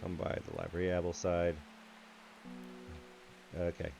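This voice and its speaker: A man's voice: deep voice, level tone, a little slow, gravelly. A man reviewing a puzzle game, thinking aloud in let's-play commentary with musing asides and restarts, with game music playing behind.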